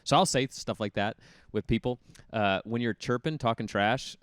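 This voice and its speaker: A man in his thirties tells stories in a relaxed interview. His voice is smooth and resonant and sits on the low side. He animates his anecdotes by acting out the people in them, recorded close and dry. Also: moderate pace, no room sound. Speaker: guest, former college hockey player. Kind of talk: casual storytelling interview.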